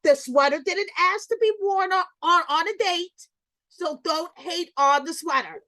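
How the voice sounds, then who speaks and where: Playful, blunt middle-aged woman host with a high voice, for casual gossip talk. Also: a little slow, pushed and bright, dry recording, rough recording.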